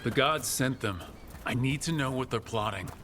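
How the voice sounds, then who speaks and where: A man voicing a calm, decisive adventurer hero. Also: mid-range voice, normal speed, noisy background, close to an everyday voice. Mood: steady. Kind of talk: video game voice acting.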